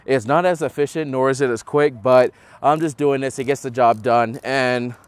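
A young man hosting a how-to tutorial outdoors on a house roof, explaining in a relaxed way with many fillers. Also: medium pitch, normal speed, clean tone, no echo. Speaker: host of a setup tutorial. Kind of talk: casual how-to demonstration.

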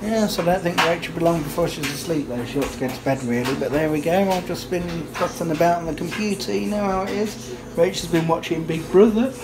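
A cheerful man in his thirties chats to camera through a family evening, laughing often and going sing-song when he talks to the kids. He sounds like he is filming himself at home on a handheld camera. There is a steady hiss of background noise, with kitchen clatter behind him. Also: a little high, brisk. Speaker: family vlogger. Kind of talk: casual home vlog. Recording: noisy home recording.

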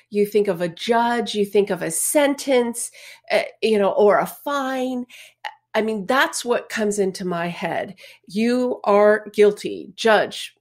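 A woman co-hosting a podcast, chatting with humor and acting out little exchanges. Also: mid-range voice. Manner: chatty, humorous, acts out quotes. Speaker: podcast co-host and writer. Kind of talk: casual conversational chat.

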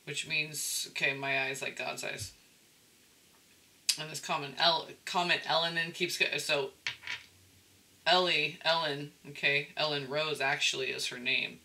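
A man with a very bright, sharp-edged voice that sits fairly high, talking through a tarot reading. He rambles in a casual way and keeps checking in with the listener as he goes. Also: steady tone, unhurried, low-quality recording. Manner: rambling, checks in with "okay?" often. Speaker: tarot reader.

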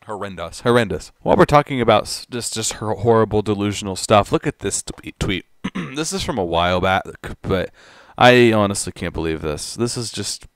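A man's voice: fairly low pitch, expressive, normal speed, dry recording, studio quality. A man ranting in commentary, exasperated and stammering, often repeating words as he reacts. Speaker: commentary YouTuber.

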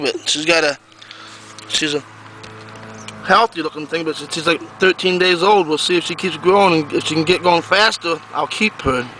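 On a handheld camera, a pumpkin grower rambles through a casual outdoor walking tour of his garden, repeating himself as he talks to the lens mid-stride. His voice is on the high side, pushed and bright. The audio is poor, with a little hiss or hum.

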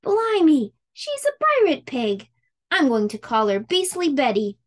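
A woman's voice: very high voice, lively intonation, measured pace, fairly bright tone, pitched above the performer's own voice, heavily acted. A woman voicing a bold little girl playing pirate, hollering and growling in pirate talk. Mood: boisterous.

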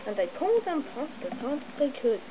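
A woman reading a storybook aloud in an animated way, adding sound effects. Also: high-pitched, brisk. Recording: tinny phone-like line, loud noise.

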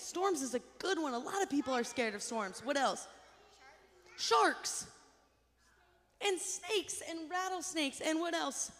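Higher-voiced woman doing a kids chapel talk, animated, getting them to repeat after her, big echoey hall. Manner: animated, coaxing children to repeat lines. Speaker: chapel leader for children. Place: school chapel or church hall. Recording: hall reverb.

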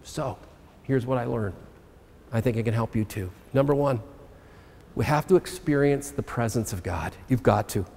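A man's voice: mid-range voice, moderate pace, vocal fry, pauses often, a little mellow, slight background noise. Earnest male pastor in a reverberant church. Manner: earnest, personal preaching with scripture readings. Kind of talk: sermon. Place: church sanctuary. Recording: long hall reverb.

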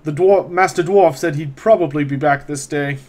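A man voicing a gruff, dryly joking male tavern keeper in a tabletop game. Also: a little high, moderate pace, a little mellow, lightly acted. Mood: wry.

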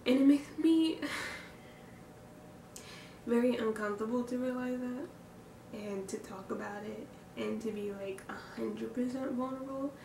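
This personal vlog features a young woman with a creaky voice on the high side, opening up to camera in a reflective, hesitant way. She sighs, uses fillers and breathes hard from nerves, in an echoey room recorded on a distant mic with background noise.

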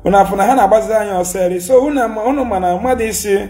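A man's voice: sits high, rapid-fire, warm tone, faint music behind. A Nigerian man with an Igbo accent, ranting and scolding in a heated social media monologue, mixing Igbo and English and repeating his points. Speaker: commentator.

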